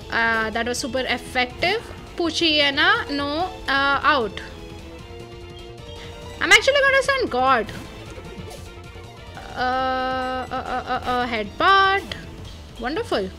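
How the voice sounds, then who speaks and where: High, bright-voiced excitable woman gamer. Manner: excitable, thinks aloud with many fillers. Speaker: let's play gamer. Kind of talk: casual game commentary.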